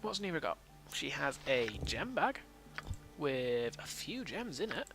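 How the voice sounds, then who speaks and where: A man's voice: fairly high pitch, very animated, a little slow, vocal fry, music in the background. A young man casually commenting on his gameplay as a let's play host, thinking aloud.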